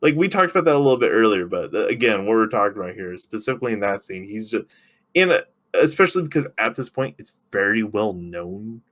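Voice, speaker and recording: Man, low-pitched voice, casual podcast co-host, excitable recap chat. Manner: excitable, swearing, recapping scenes with quick impressions.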